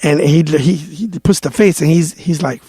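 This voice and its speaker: A man's voice: fairly high pitch, moderate pace, breathy edge, no echo, clean studio sound. A man, a DJ telling stories in a casual interview, acting out quotes and swearing freely. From New York. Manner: animated storyteller, acts out quotes, swears freely. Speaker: DJ guest.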